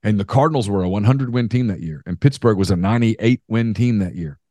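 A man co-hosting a sports podcast, telling stories in an animated, emphatic way. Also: fairly low pitch, a little fast, dry recording. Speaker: podcast co-host. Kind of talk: casual sports talk.

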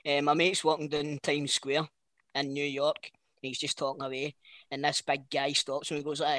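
A man co-hosting a podcast, joking and teasing loudly in casual banter. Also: on the high side, level tone, normal speed, no room sound. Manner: jokey, loud teasing. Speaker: podcast co-host.

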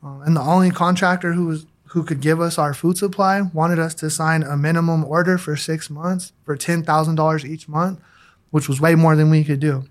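Man, guest on an interview show, slangy and candid storytelling, somewhat high-pitched. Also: fairly even intonation, moderate pace. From Denver, USA. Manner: slangy and candid, acts out quoted voices. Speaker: guest telling his recovery story.

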